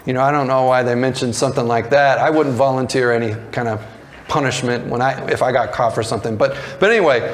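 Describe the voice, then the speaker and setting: A man preaching a sermon, retelling a story in a conversational way and slipping into lively voices for the characters. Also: mid-range voice, fast talker, slight background noise. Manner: conversational with frequent restarts and fillers. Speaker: pastor.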